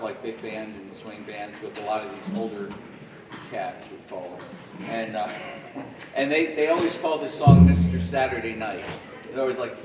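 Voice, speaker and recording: A man's voice: mid-range voice, noisy background. A man in his forties coaching a middle school jazz band in a friendly way, scatting rhythms aloud as he teaches. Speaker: guest jazz clinician. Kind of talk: band rehearsal instruction. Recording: echoey room from far off.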